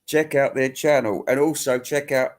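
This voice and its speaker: A man's voice: medium pitch, fairly even intonation, normal speed. A man hosting a rambling comic monologue, ranting crudely and laughing at his own jokes. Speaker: host answering viewer questions.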